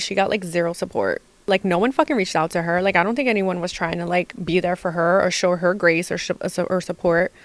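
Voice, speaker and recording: A young adult woman hosting a casual gossip podcast, animated and exasperated, full of "like" and swearing. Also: medium pitch, no echo. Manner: animated, heavy use of "like", profane, exasperated. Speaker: podcast host.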